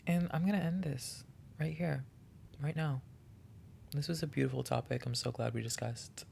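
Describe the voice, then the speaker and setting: A man talks through a solo podcast in a heartfelt, encouraging way, restarting sentences as he goes. His voice is strongly gravelly with lots of vocal fry, sitting at an ordinary middle pitch. A faint noise and low rumble run underneath the recording. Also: moderate pace, darkish tone. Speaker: podcast host. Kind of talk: reflective solo podcast monologue.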